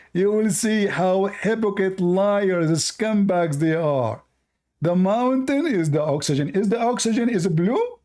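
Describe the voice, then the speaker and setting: A man's voice: fairly high pitch, warm tone. A man hosting a live call-in debate, mocking and scornful toward the caller. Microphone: online call.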